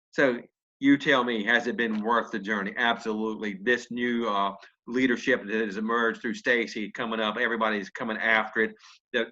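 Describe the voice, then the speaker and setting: A man's voice: medium pitch, sharp tone. A man hosting a video call, giving upbeat motivational encouragement. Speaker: host. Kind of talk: motivational talk. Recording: dull lo-fi video call audio.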